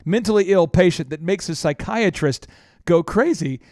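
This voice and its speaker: A man's voice: high voice, animated, normal speed, darkish tone, dry recording. A man hosting a casual radio talk show, jokey and emphatic, in a dry studio. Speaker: host.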